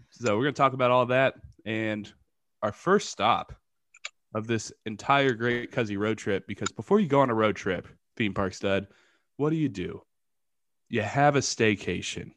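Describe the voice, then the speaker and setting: A man co-hosting a casual podcast, rambling excitedly with lots of fillers. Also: on the low side, normal speed. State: just woken up early. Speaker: podcast co-host. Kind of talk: casual chat.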